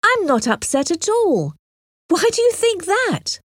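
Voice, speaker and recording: A woman reading aloud gives voice to an excited, naive young woman who gushes with high rising questions. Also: a little slow, dry recording, studio quality, full character voice. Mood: surprised.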